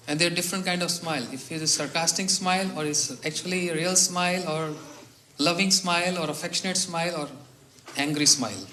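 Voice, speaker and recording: A man giving a sermon at a retreat, telling a story in a slow, measured way and voicing its dialogue quietly. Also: a little high, steady tone, roomy sound, poor audio. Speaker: spiritual teacher. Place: retreat hall.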